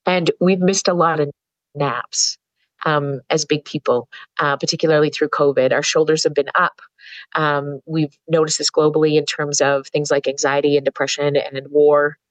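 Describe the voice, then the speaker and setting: A woman's voice: low-pitched, fairly even intonation, normal speed, no echo, low-quality recording. A woman psychologist telling candid, earthy stories as a podcast guest, swearing freely. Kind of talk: storytelling in a podcast interview.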